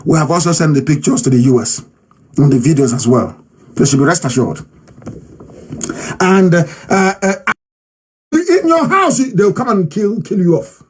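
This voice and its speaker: A man with a Nigerian accent giving a fiery, defiant political broadcast speech, repeating phrases for emphasis and sometimes shouting. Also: a little high, lively intonation, moderate pace, long pauses, slightly rough. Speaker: political movement leader giving a live address.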